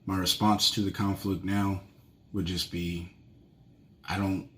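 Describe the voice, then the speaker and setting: A man in his thirties talks through marriage advice as a solo podcast host. His voice sits low, and he rambles in an easygoing, conversational way. He fills pauses with plenty of ums and uhs. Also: level tone, fairly bright tone. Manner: rambling, conversational, many fillers.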